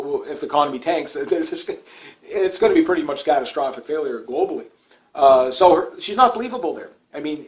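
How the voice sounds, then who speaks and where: A man's voice: fairly high pitch, poor audio. Rambling opinionated man from Canada. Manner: rambling, with frequent fillers and restarts; opinionated, dismissive. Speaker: political commentator. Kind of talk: casual solo commentary video.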